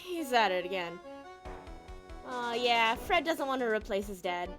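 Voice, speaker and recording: A playful young woman chatting casually over a game stream, with a high-pitched voice. She talks slowly and takes her time, bouncing between jokes and the story. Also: expressive, over music. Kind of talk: casual let's play commentary.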